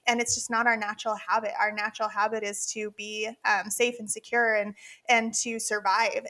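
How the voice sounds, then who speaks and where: Woman co-host, forties, candid chatty delivery, a bit higher voice. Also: a bit bright. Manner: candid, chatty, laughs often, many fillers. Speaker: podcast co-host, dental practice consultant. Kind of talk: casual podcast chat.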